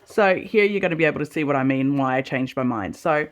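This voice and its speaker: Fast and expressive, her voice sitting low, an Australian woman narrates a sew-along video in a chatty way. She talks to herself while working and pokes fun at her own errors with a laugh.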